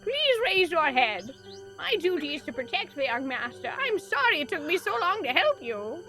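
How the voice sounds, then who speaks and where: A woman's voice: very high-pitched, very animated, normal speed, bright, forceful tone, faint music behind, pitched below the performer's own voice, exaggerated voice. A woman voicing an elderly, loyal male butler in a game, speaking politely and formally. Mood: humble.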